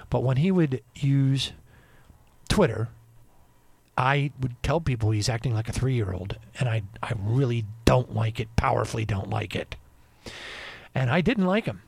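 A man hosting a radio show, ranting in an indignant monologue that swings between loud and quiet. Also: medium pitch, gravelly, no echo.

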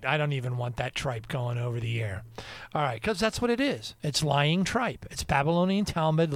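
Animated, chuckling male talk radio host. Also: a little high, dry recording. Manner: chuckles often, preachy asides, trailing restarts. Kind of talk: casual Christian talk radio commentary.

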